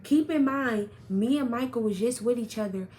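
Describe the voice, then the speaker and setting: A young woman telling a story about her relationship in a casual vlog, blunt and profane, with sudden loud outbursts. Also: fairly high pitch, normal speed, a little hiss or hum. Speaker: storyteller vlogger.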